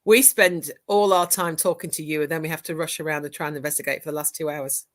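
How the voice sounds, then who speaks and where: A woman's voice: sits low, steady tone, quick pace. A woman co-hosting a livestream, chatting earnestly, often repeating herself and answering viewer comments. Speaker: co-host. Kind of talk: casual livestream chat.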